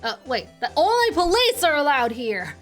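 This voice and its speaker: A bumbling male cop, played by a woman who calls everyone pal. He speaks gruff and blustering, in a lowered, heavier voice. Faint music plays underneath. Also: very animated, normal speed. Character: gruff scruffy male police detective.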